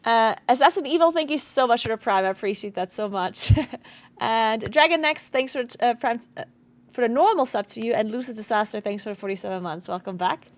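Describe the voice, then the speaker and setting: A woman's voice: fairly high pitch, a little fast, dry recording. Woman streamer, South Tyrolean German accent, chatty and giggly, casual stream talk. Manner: chatty, laughs often, reads out chat thanks. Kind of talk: casual gaming stream chat.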